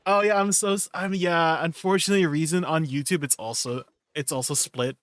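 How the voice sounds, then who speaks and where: A man live-streaming, chatting casually with his viewers, playful and quick to laugh. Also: fairly high pitch, fairly even intonation, fairly bright tone, dry recording. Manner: playful, laughs often, talks to chat.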